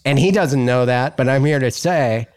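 A man's voice: medium pitch, normal speed, clear, resonant tone. A man who is a comedian, chatting as a podcast guest with a riffing, jokey manner. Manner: riffing, jokey, slips into silly impressions. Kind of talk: casual chat.

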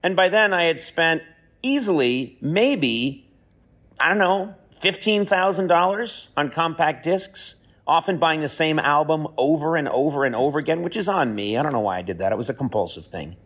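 A man's voice: a little high, lively intonation, moderate pace, fairly bright tone, slightly rough. A man recording a comic, rambling answer that keeps mocking his own choices. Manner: rambling, self-mocking, talks himself into a corner. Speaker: guest sending a recorded answer. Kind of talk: comic monologue.

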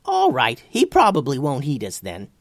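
A man voicing a quick-witted grandmother figure in a storybook, brisk and matter-of-fact. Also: medium pitch, wildly swooping pitch, vocal fry, dry recording, studio quality, pitched above the performer's own voice, exaggerated voice.

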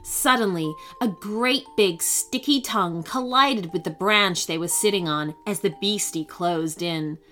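A woman narrating a children's storybook in an expressive, animated way. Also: fairly low pitch, a little slow, few pauses, soft background music.

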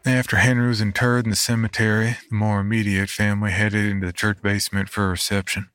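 A man narrating a first-person horror story in a reflective, measured way. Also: on the low side, little pitch movement, a bit bright, clean tone, no echo.

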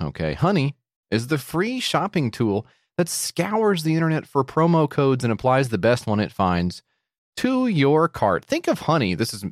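A man's voice: medium pitch, no room sound, clean studio sound. A man co-hosting a comedy podcast who reads a sponsor ad casually and keeps riffing and joking off-script. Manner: jokey, riffing, drifts off-script. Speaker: podcast co-host reading ads.

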